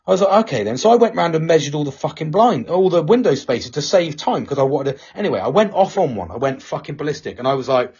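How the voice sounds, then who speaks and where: A man's voice: a little high, sing-song, fast, hardly any pauses, darkish tone, breathy edge. A man hosting a live talk show, speaking candidly with lots of swearing and rambling restarts. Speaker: podcast host. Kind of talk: casual chat. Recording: dull lo-fi sound.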